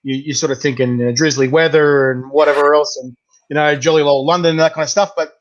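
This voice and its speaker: A man's voice: on the high side, steady tone, fast talker, lo-fi sound. A man with an Australian accent hosting a casual video interview, full of slangy banter and laughs. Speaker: host.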